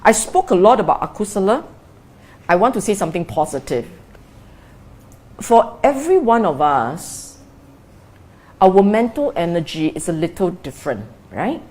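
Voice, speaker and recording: A woman's voice: lowish voice, big pitch swings, moderate pace, pauses often, darkish tone. A woman teaching as a Buddhist meditation teacher in a dharma talk, repeating key phrases and asking rhetorical questions.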